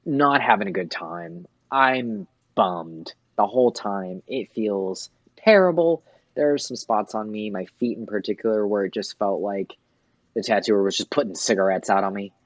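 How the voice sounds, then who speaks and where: A man's voice: on the low side, moderate pace, dry recording. A man, a tattoo artist, talking casually as a guest and swearing freely. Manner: laid-back, swears freely. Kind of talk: casual chat.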